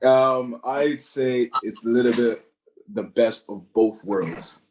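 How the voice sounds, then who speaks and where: A man's voice: mid-range voice, takes it slowly, noisy background. A man speaking thoughtfully as a panelist in a casual discussion. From Ireland. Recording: roomy echo.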